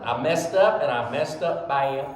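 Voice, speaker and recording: A man's voice: medium pitch, a little slow, crowd noise, lightly acted. Man putting on a sheepish truck driver, polite drawl, echoey hall, long reverb. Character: apologetic Texan male truck driver.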